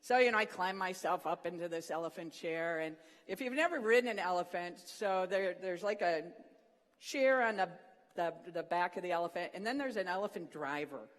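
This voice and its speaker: Animated devotional speaker with a mid-range voice who acts out funny stories, recorded in a large hall with long reverb. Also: medium pitch, brisk. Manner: animated storyteller, acts out the quotes. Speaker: speaker at a morning session of a Christian student program. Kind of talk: humorous storytelling devotional talk.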